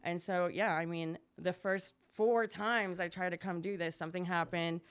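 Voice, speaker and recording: A woman's voice: steady tone, smooth. Chatty woman guest telling her story. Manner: chatty, fast, acts out quotes in a higher voice. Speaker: podcast guest. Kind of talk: casual storytelling interview.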